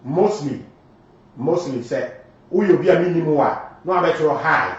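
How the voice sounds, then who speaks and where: A man's voice: fairly high pitch, normal speed. A man with a Ghanaian accent hosting a live show, switching between Twi and English and reading out viewer comments with emphatic delivery. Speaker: morning show host. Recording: very echoey, distant, dull lo-fi sound.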